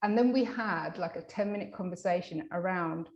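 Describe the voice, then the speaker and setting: Animated woman telling a client story. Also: on the low side, normal speed, dull audio. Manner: animated, acts out quoted dialogue; many fillers and restarts. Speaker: hypnotherapist guest. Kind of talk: casual storytelling interview.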